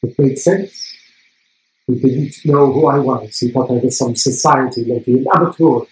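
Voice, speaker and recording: A man playing a proud, determined Polish actress, telling her story slowly on stage in a Polish accent. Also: medium pitch, natural voice. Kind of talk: one-man stage monologue. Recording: roomy theatre stage sound.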